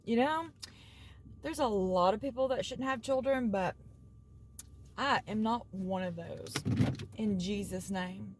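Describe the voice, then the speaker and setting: A woman chatting casually to camera as a vlogger, thinking aloud and trailing off softly. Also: medium pitch, measured pace, pauses often. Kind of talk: casual vlog chat.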